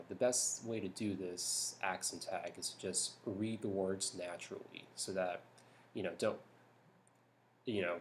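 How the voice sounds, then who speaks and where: A young man from California talking softly in a hushed voice at home at night for a vlog, rambling with lots of ums and restarts. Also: fairly low pitch, slight background noise. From California, United States. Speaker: YouTuber. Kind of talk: soft-spoken vlog talk.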